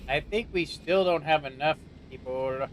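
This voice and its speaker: A man's voice: on the high side, moderate pace, a little hiss or hum. A young man casually commenting on a tank game on his stream, joking around and slipping into silly voices. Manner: playful, slips into joke voices and mock British phrases.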